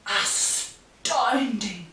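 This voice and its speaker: A woman voicing a big, slow, easily impressed male monster in a storybook reading. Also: sharp tone, far from the mic. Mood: wondering. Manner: slow, drawn-out, low and wondering. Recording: echoey room, voice from off-mic.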